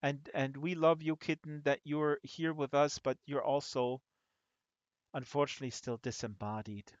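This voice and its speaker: A man hosting a casual chat, telling rambling, animated stories with many restarts. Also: fairly high pitch, moderate pace, no room sound. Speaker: host. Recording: dull lo-fi dry audio.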